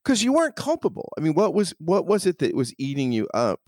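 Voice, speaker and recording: A man's voice: a little high, huge pitch swings, fast talker, a little mellow, no room sound, clean studio sound. A male interview host asking a long, searching question, stumbling and restarting his phrases.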